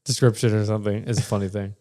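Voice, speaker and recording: A man's voice: lowish voice, level tone, racing, warm tone. A man co-hosting a podcast in casual chat, rambling and restarting often, laughing between thoughts. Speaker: podcast co-host.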